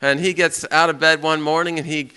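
A man leading a Bible class, bright and clear, his voice sitting a little high for a man. He tells a story with lots of energy and keeps turning to his listeners with questions. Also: brisk. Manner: lively, asks the audience questions, acts out a story. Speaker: pastor teaching a Bible class. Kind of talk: interactive sermon with storytelling.

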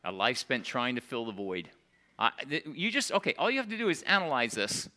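Older man, pastor, sermon, bright tone, emphatic then soft. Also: mid-range voice, wildly swooping pitch, fairly quick. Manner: emphatic preaching that drops to soft, quiet storytelling.

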